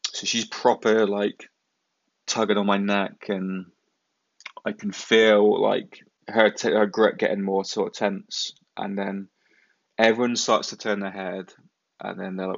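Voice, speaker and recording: Young male storyteller, low gravelly voice, casual and sweary, dry close-mic sound with a muffled edge. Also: little pitch movement, measured pace, pauses often, no room sound. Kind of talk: casual anecdote.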